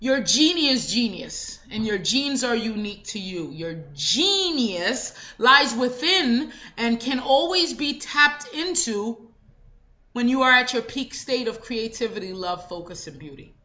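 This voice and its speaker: High, lively woman giving a motivational speech. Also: measured pace. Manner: emphatic, repeats affirmations. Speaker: motivational speaker. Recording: dull lo-fi recording.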